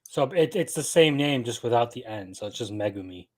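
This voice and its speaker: A man's voice: medium pitch, expressive, brisk. A man in a casual chat, chiming in with short dry quips.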